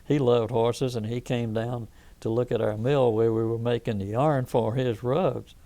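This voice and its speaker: Gravelly older Southern man reminiscing. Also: mid-range voice, fairly even intonation, normal speed, dark tone. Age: 80s. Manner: rambling anecdotal storytelling, frequent restarts. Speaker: veteran interviewee. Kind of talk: oral history interview.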